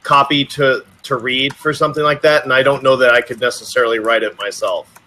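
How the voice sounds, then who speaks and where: A man joining online as a caller speaks hesitantly and apologetically. His voice is bright and a little tense, sitting at an average pitch. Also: fairly even intonation, a little fast. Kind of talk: casual chat.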